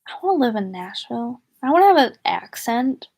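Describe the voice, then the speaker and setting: A woman's voice: a little high, sing-song, a little fast, a little mellow. A young woman from the northern United States chatting casually to viewers on a livestream, rambling and giggly. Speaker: vlogger.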